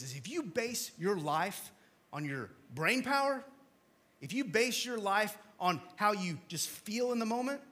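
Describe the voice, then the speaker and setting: A man preaching a sermon to a congregation, talking conversationally with small jokes and asides, then dropping to hushed, low emphasis before rising again. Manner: swings from loud emphatic to hushed low delivery. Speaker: pastor. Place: church hall with congregation.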